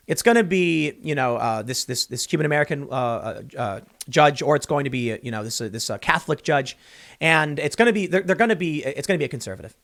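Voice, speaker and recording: A man delivering an opinionated, sarcastic political commentary monologue, now and then mocking people in shrill impressions. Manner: animated, sarcastic, mocks others with shrill impressions.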